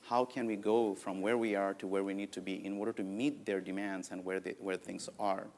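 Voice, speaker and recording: A man in his forties from Nepal, with a Nepali accent, giving a conference keynote in an anecdotal, lively way with many "uh, you know" fillers. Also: sits low, fairly quick, slight background noise. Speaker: conference speaker.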